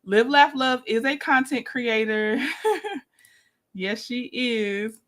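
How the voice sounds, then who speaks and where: A slightly high-pitched woman hosts a relaxed livestream. She chats easily, breaks into laughter often, and greets her viewers one by one. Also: slow. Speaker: livestream host. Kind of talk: casual livestream commentary.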